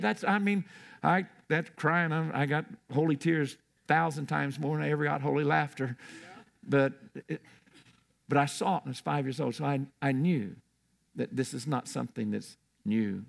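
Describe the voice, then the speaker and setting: A man's voice: a little high, moderate pace, vocal fry. An older man preaching a sermon in a church, telling stories in a rambling way with restarts.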